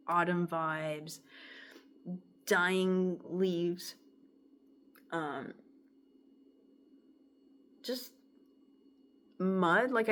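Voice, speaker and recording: A woman talking casually to camera about her songwriting and reading her own lyrics aloud, rambling and chatty, with an itchy throat. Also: on the low side. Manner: rambling and chatty, heavy use of "like", softening into murmurs when emotional. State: throat itching.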